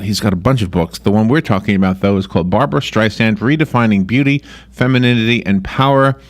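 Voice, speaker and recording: A man from Long Island hosts a radio interview at a middling pitch. He talks in a loose, rambling way, restarting his sentences and filling pauses with "uh" and "gosh.". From Long Island, New York. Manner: rambling, chatty, many restarts and fillers. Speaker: radio host.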